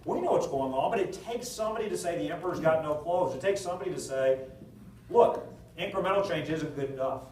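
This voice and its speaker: A man, a political candidate, answering at a town hall meeting, telling anecdotes with jokes in a lively storytelling manner. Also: on the high side, fast talker, far from the mic, slight background noise. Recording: echoey hall recorded from afar.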